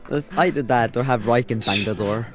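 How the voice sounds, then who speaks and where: A man's voice: mid-range voice, fairly quick, over music. A man playing a tabletop game, making dry, joking remarks in casual chat. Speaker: player.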